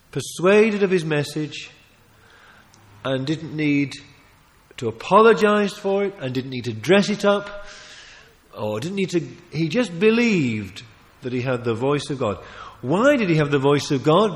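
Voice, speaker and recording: A man preaches with a fairly high voice that rises and falls dramatically, emphatic and full of restarts and quick asides. His voice rings with the long reverb of a big hall. He sounds like a preacher working a congregation. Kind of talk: sermon.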